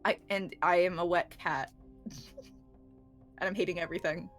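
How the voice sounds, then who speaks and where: A woman's voice: lowish voice, steady tone, moderate pace, faint music behind. A woman recapping a tabletop game session in a rambling, giggly way, swearing freely and restarting her sentences. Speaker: player recapping the last session.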